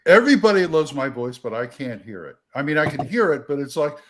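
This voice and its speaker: A voiceover narrator with a smooth radio DJ voice, chatting in an easygoing way on a livestream. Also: male voice, fairly high pitch, sing-song, brisk, a crowd in the background. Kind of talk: casual livestream chat.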